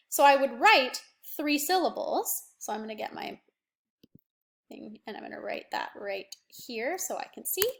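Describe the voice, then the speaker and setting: A young woman with a fairly high voice teaches a remote phonics lesson to children. She is patient and encouraging. She sounds words out slowly, bit by bit. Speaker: primary school teacher.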